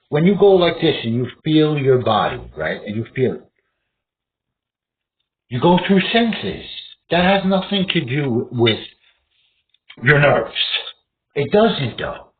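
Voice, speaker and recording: A man rambles through a fighting lesson, swearing freely and breaking into loud mock cries for his imagined opponent. His voice swings widely in pitch. It comes through thin and tinny over a faint hiss. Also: sing-song, takes it slowly, long pauses. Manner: profane, rambling, acts out opponent's reactions with outbursts. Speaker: martial arts instructor. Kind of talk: rambling casual instruction to camera. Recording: tinny phone-like sound with faint noise.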